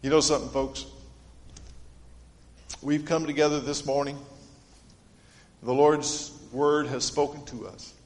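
A man preaching a sermon in an earnest, dynamic way, his voice sitting a little higher than most men's. He moves from ringing appeals down to hushed, low lines. The sound carries a long reverb, as in a church sanctuary. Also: fairly even intonation, a little slow, long pauses. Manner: earnest, dynamic delivery swinging from loud to hushed. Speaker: pastor.

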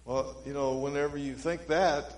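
A man with a voice a bit higher than most men's preaches a sermon at a moderate pace with fairly even intonation. He tells folksy stories, swinging between emphatic and hushed, in roomy, echoey, church-like sound.

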